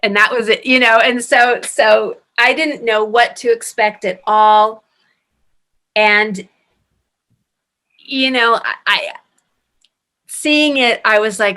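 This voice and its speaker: A middle-aged woman from France telling stories in a casual interview, animated and given to restarts and emphatic stresses. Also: a little high, slow pace. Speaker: actress interviewee.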